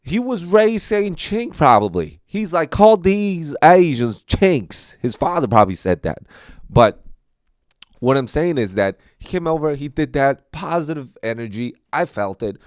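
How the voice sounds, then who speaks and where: Smooth-voiced man rambling on a podcast. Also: mid-range voice, moderate pace, no echo, clean studio sound. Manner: rambling, filler-heavy, animated storytelling. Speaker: comedian and podcast host. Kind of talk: casual podcast monologue.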